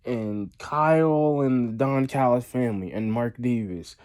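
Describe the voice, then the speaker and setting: Speaking in a mid-range, slightly mellow voice at a measured pace with few pauses, a man runs his own casual wrestling review vlog. He wanders off track, says things twice, and leans heavily on fillers and restarts.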